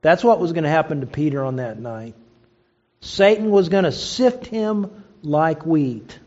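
A man's voice: fairly high pitch, animated, a little slow, a little mellow. A man preaching a sermon, emphatic and asking rhetorical questions, in a dull lo-fi recording. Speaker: pastor.

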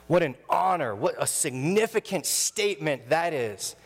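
A man in his thirties preaching a sermon in a church, telling stories with animated delivery and acting out the voices he quotes. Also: on the high side, a little slow, long reverb tail. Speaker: pastor. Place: church sanctuary.

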